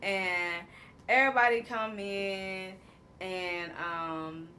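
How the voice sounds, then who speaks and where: A woman's voice: mid-range voice, takes it slowly. A woman, casually recapping a reality show episode, acting out quotes and laughing often. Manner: animated storyteller, acts out quotes, laughs often.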